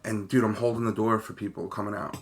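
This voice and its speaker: A man with a Long Island accent co-hosting a podcast, telling stories in a lively, casual way and dropping "bro" and "dude" often. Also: on the low side, fast, slight background noise. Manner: animated storyteller, says "bro" and "dude" often. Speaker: podcast co-host. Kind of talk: casual chat.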